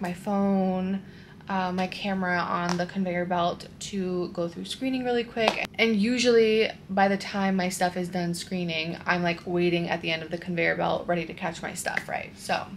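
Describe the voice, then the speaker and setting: A young woman vlogger telling a frustrated storytime to her camera, animated and full of "like". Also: fairly low pitch, a little hiss or hum. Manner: animated, exasperated storytelling with frequent "like". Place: at home, wearing a sheet mask.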